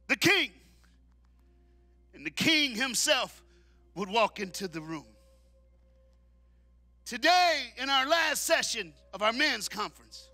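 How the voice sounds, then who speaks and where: A man preaches a sermon at a men's conference in a church hall, shouting call-and-response lines and then dropping into low, quick asides.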